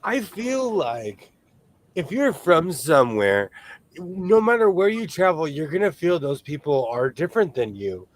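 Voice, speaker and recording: A man's voice: fairly high pitch, big pitch swings, measured pace. A man hosting a casual chat, reading comments aloud and laughing often. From California. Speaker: host.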